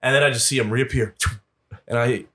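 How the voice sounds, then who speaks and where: A man, telling lively stories as a podcast guest and acting out the voices of the people in them. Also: mid-range voice, fairly quick. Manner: animated storyteller, acts out quoted voices. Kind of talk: casual storytelling interview.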